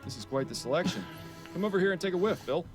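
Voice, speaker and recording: An actor voicing a serious, to-the-point detective in a game, speaking in a dry, measured way. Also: male voice, high voice, animated, over music. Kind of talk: voiced game dialogue.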